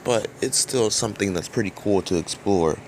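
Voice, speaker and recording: A man's voice: lowish voice, normal speed, darkish tone, a little hiss or hum. A man giving casual, rambling commentary over game footage in a dry, drowsy way. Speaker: gaming video creator.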